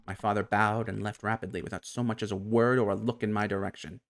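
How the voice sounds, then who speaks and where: A man's voice: lowish voice, level tone, fast. A man reading a game's story aloud as narrator, stopping to react and chat about it. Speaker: game streamer. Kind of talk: reading a game aloud with commentary. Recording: clear music bed under voice. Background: game music.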